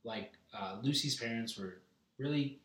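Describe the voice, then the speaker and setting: A man's voice: mid-range voice, unhurried, a bit bright. Young man telling a profane rambling story. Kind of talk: casual story in chat. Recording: roomy, distant mic.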